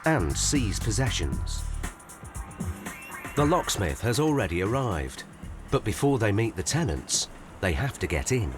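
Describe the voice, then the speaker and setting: A man narrating a documentary in a scripted, measured and expressive way. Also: lowish voice. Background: background music.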